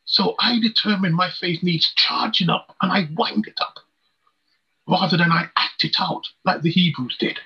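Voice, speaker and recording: A preacher with a husky, somewhat high voice, working rhetorical questions into an earnest personal testimony. The recording is dull and lo-fi. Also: male voice, normal speed.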